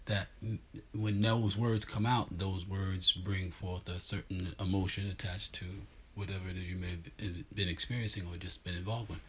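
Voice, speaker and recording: Low husky-voiced man, thoughtful. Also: level tone. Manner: thoughtful, analytical, halting. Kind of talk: casual chat.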